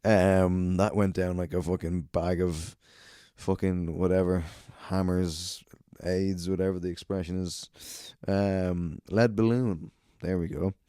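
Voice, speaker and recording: A young man with a low, smooth voice tells rambling, profane gig stories and keeps laughing at his own tales. His tone is warm and mellow, and the sound is close and dry. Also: level tone, slow, no room sound. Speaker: comedian and podcast host. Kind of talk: casual storytelling monologue.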